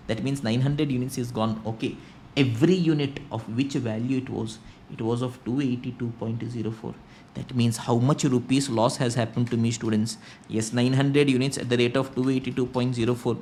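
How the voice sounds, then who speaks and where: A man with an Indian English accent teaching cost accounting, firing rhetorical questions at students and swinging between loud bursts and low murmurs. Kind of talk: online exam-prep lecture.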